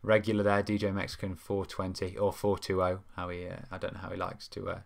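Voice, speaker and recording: Young man hosting a live stream, lower voice, casual and rambling. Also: monotone, quick pace, vocal fry. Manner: chatty, rambling with many ums and restarts. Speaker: football fan show host. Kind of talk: casual live-stream chat reading comments.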